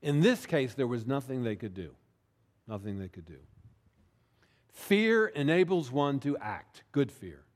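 A pastor delivers a sermon in a relaxed, conversational manner, his voice sitting at an ordinary middle pitch for a man. He keeps checking in with the congregation and draws out his words whenever he wants a point to land. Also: measured pace. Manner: conversational, often checks in with "right?".

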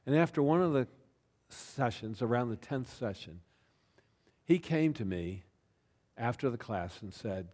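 A pastor telling a personal story in a sermon, chatty and self-deprecating, often tossing in "right?" and "you know.". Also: male voice, mid-range voice, lively intonation, measured pace, long pauses, darkish tone. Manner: conversational, with frequent "right?" and "you know" asides.

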